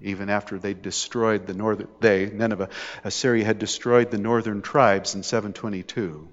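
A man's voice: on the low side, fairly even intonation, normal speed. A man preaching a sermon in a conversational style, with jokes and rising intensity on the dramatic points. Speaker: pastor. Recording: dull lo-fi hall recording.

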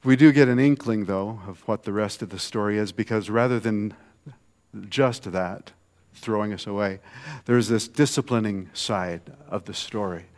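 A man preaching a sermon in a conversational way, swinging from soft, low asides to loud, emphatic lines. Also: moderate pace.

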